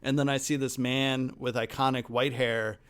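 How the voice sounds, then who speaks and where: Smooth-voiced young man telling stories. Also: mid-range voice, normal speed. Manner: lively, acts out other people's lines in his stories. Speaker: podcast host. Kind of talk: casual storytelling chat.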